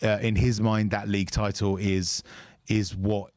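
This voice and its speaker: A man's voice: on the low side, little pitch movement, a little slow, a little mellow, no echo. A man co-hosting a fan channel's live match watch-along, chatting and offering opinionated analysis into a close mic.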